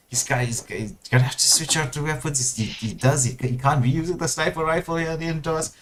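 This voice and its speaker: Excitable male esports caster, noisy audio. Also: fairly high pitch, fast, hardly any pauses. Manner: excitable play-by-play with frequent fillers and bursts of excitement. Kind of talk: live game commentary.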